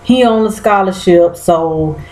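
A woman's voice: fairly low pitch, a little slow, a little mellow, roomy sound, rough recording. A woman recapping a TV episode in casual chat, exclaiming and talking straight to her viewers in loose slang.

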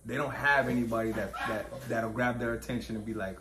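A man's voice: mid-range voice, fairly even intonation, fairly quick, few pauses, fairly bright tone, slight background noise. A man speaking as a guest in a casual conversation, earnest and reflective, often restarting his sentences. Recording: echoey room with faint ambience.

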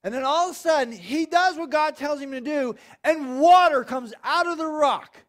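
Pastor, high voice, lively story-driven sermon. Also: male voice, moderate pace. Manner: animated storytelling with acted voices. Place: church.

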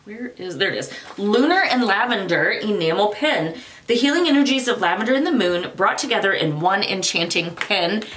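A woman's voice: mid-range voice, animated, normal speed, a bit bright, a little hiss or hum. A middle-aged woman chatting casually through an unboxing, rambling off on tangents, laughing often and swearing casually. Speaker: vlogger.

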